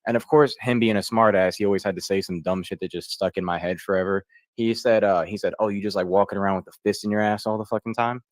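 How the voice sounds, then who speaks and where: Young male comic, low voice, dry close sound, crude rambling delivery. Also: fairly even intonation, fast talker, dry recording. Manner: rambling, crude, loose storytelling. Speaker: comedian contestant. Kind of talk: stand-up comedy set.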